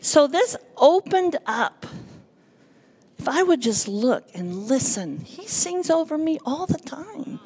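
Gravelly earnest woman giving testimony. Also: high-pitched, takes it slowly. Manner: earnest, emotional storytelling with lively quoted dialogue. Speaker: church intercessor giving testimony. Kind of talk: personal testimony from the pulpit. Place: church sanctuary.

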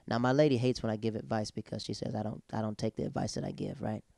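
A man's voice: on the low side, fast talker, gravelly, few pauses, no room sound, studio quality. A man in casual chat, telling stories with energy and acting out what people said. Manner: animated storyteller, acts out quotes.

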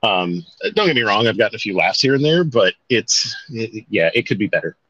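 A man's voice: fairly low pitch, lively intonation, fairly quick, a bit bright, breathy edge, dry recording. A man co-hosting a podcast in casual chat, rambling and correcting himself as he goes, with some mild swearing. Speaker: podcast co-host. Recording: dull, dry home-mic sound.

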